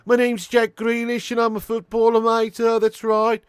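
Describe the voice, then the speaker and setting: A man's voice: very high-pitched, completely flat delivery, normal speed, clean tone, no room sound, clean studio sound, voice pushed up. A man mimicking a Brummie footballer. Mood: mocking. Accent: Birmingham. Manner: mocking, exaggerated. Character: footballer impression, adult man from Birmingham.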